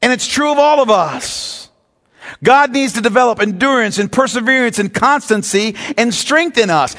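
A middle-aged man preaching a sermon as pastor, drawing out key words with dramatic pauses and slipping into quick joking asides. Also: extremely high pitch, fairly bright tone, long reverb tail.

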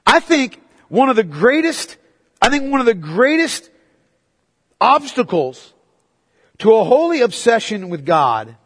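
A man preaching a sermon as pastor, swinging between quiet, low reflection and loud, excited exhortation. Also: a little slow, long pauses, slightly rough. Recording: long hall reverb.

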